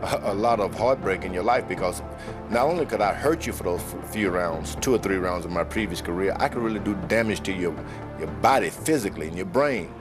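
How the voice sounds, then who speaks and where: A man, a former heavyweight boxer, reflecting in a documentary interview, talking in a halting way with restarts. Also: deep voice, lively intonation, over music.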